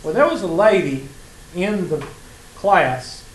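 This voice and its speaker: A man's voice: sits high, expressive, takes it slowly. A man with a Southern US accent teaching a college math class, chatting and telling sarcastic stories to his students. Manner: joking, sarcastic storytelling to students. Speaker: math instructor. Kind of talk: casual classroom lecture. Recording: echoey classroom with faint room noise.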